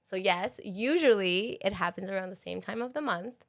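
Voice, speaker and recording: A woman co-hosting a podcast in casual chat, animated and laughing often. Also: medium pitch, normal speed. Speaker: podcast co-host.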